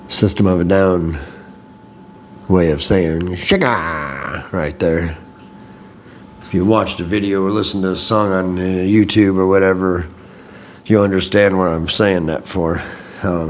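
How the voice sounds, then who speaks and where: A man's voice: sits low, slight background noise. A man from Illinois giving a rambling, profane, casual recap of a rock festival as a podcast host. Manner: rambling, profane, self-deprecating.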